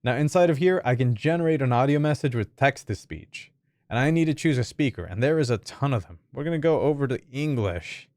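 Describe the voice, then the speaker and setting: A man hosting a software tutorial, walking through settings in a friendly, jokey, energetic way. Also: mid-range voice, fairly quick, no echo, studio quality. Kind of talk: upbeat screen-recorded tutorial.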